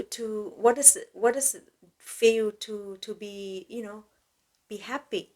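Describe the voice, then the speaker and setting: Woman, unhurried, gentle soothing self-help talk. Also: mid-range voice. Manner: gentle, slow, soothing, non-native grammar. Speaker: podcast host.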